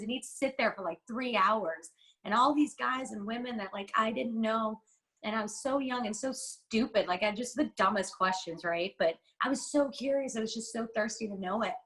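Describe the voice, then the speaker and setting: A woman's voice: medium pitch, moderate pace, a bit bright, rough recording. A woman from the United States, a podcast guest, talking candidly in an interview with a heartfelt, rambling and emphatic manner.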